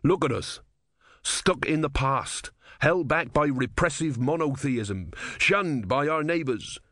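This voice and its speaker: A man's voice: fairly high pitch, expressive, slow pace, a bit bright, dry recording, clean studio sound, voice pushed up. A man voicing a bitter, zealous young soldier who speaks fervently and scornfully in a storybook reading.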